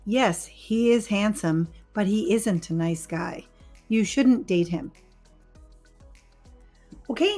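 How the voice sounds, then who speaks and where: A woman English teacher with a medium-pitched voice gives a scripted grammar lesson, explaining patiently and clearly while stressing the key words.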